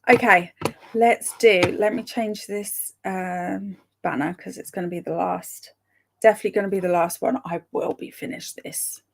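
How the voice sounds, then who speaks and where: A woman chatting casually with live viewers, reading out their comments, chatty and excitable, with a gravelly voice. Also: mid-range voice, normal speed. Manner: chatty and excitable, breaks into laughs and sudden whispers. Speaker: streamer reading live chat.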